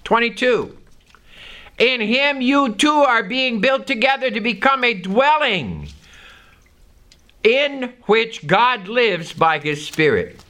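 Reading scripture during a sermon, this preacher stresses key words in a drawn-out, emphatic style. His voice is very high-pitched and sharp, with big swings in pitch.

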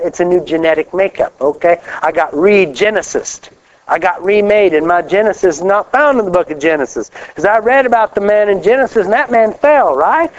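A middle-aged man from Kansas preaching a lively, joking sermon, reading scripture aloud slowly and with emphasis. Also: high-pitched. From Kansas, USA. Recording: dull lo-fi live recording.

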